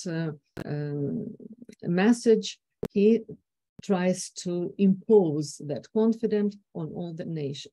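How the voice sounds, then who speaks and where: A woman's voice: fairly low pitch, warm tone, no room sound. A woman with a Ukrainian accent, a native Ukrainian speaker, giving an academic conference talk on the intonation of political speeches, hesitant with many fillers and restarts.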